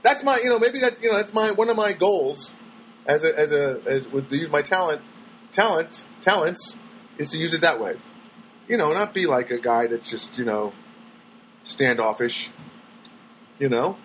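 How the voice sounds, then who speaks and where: An older man telling rambling stories in a casual monologue, halting and repeating himself, with lots of fillers and sudden high voices when he quotes people. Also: lively intonation, a bit bright, a little hiss or hum, low-quality recording.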